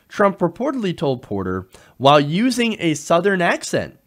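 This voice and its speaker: A male political commentator, his pitch sitting a little high and swinging widely as he talks. He sounds indignant and animated, and he often stumbles over "uh" and restarts his sentences. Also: normal speed.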